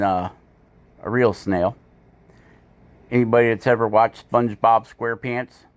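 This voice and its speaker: Guy rambling over his carving video, jokey, lots of uh and um, talks to himself. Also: mid-range voice. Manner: rambling, self-mocking, many fillers. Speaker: woodcarving channel host. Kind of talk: casual voiceover while carving. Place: home woodworking shop.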